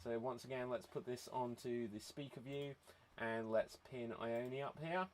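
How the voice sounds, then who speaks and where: A man hosting an online improv show over a video call, brisk and chatty, laughing often. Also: mid-range voice, steady tone, a little hiss or hum.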